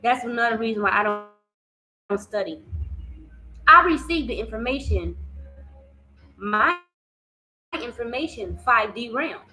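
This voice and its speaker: A woman's voice: on the high side, lively intonation, measured pace, long pauses, bright, forceful tone, soft background music, poor audio. A woman telling a personal story in a casual vlog, swearing freely and often repeating herself. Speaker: vlogger.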